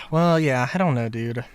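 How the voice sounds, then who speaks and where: A man's voice: medium pitch, measured pace, clear, resonant tone, dry recording. A young man chatting casually on a live stream, ranting in exasperation with lots of swearing and filler words.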